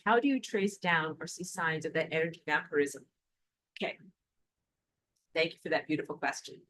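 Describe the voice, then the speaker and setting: A woman teaching a recorded online spiritual lesson and answering viewer comments, emphatic and animated, repeating words for stress. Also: fairly low pitch, poor audio.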